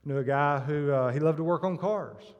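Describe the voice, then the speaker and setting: A man speaks from the front of a church, telling stories and acting out their punchlines. His voice sits a little high for a man. The sound carries a long reverb from the hall. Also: normal speed, dull audio. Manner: storytelling with acted punchlines. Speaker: church member giving testimony. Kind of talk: sermon-style church talk. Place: church sanctuary.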